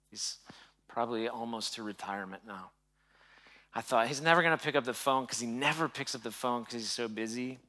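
A pastor in his forties giving a sermon, telling a personal story in a hushed voice and then preaching more loudly. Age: 40s. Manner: soft and hushed while telling a personal story, louder and higher when preaching.

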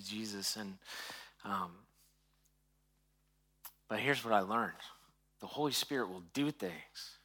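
A pastor in his forties giving a sermon, telling a personal story in a hushed voice and then preaching more loudly. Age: 40s. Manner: soft and hushed while telling a personal story, louder and higher when preaching.

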